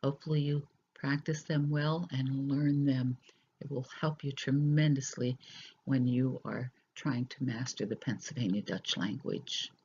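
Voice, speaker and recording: A teacher giving a recorded language lesson, explaining slowly and deliberately with hesitant fillers, in a dull lo-fi recording. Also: medium pitch, steady tone, a little mellow, a little hiss or hum.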